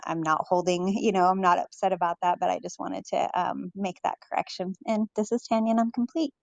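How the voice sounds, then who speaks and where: A woman guest in an online audio room, speaking gently and earnestly with frequent ums. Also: mid-range voice, fairly even intonation, brisk, creaky, no room sound. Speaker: listener joining the stage. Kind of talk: casual chat.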